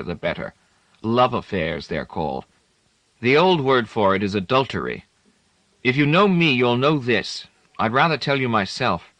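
A man's voice: medium pitch, bright, forceful tone, no echo, voice pushed up. A man voicing an intense, tormented young male poet who speaks with raised, impassioned emotion. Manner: impassioned, rising to tearful.

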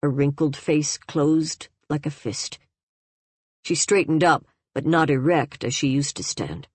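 Audiobook narrator, woman, deep and unhurried, measured delivery. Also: breathy edge, no room sound. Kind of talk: scripted narration.

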